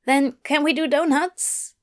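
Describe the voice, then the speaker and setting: A woman's voice: sits high, fairly even intonation, unhurried, voice pushed up. Woman doing a teasing teenage boy. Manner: teasing, sing-song.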